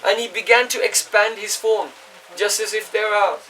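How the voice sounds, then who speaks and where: A man's voice: high voice, fairly even intonation, normal speed, bright, forceful tone. A man giving a scripture class, explaining at length, chanting Sanskrit verses and checking in with his listeners. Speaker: spiritual teacher. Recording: voice distant from the mic.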